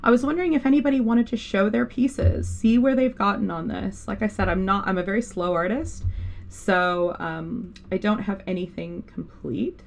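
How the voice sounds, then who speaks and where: Woman art instructor with a fry-tinged voice, chatty and self-correcting, faint noise on the stream mic. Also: mid-range voice, fairly even intonation, moderate pace, darkish tone. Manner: rambling, self-interrupting, with many fillers. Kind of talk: live digital painting tutorial.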